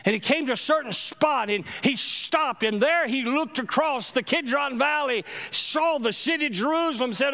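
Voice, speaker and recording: A middle-aged man preaching a sermon as a pastor in a church, calling on the congregation to respond and swinging between loud exhortation and soft, low murmurs. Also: normal speed, few pauses. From Louisiana, USA. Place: church sanctuary.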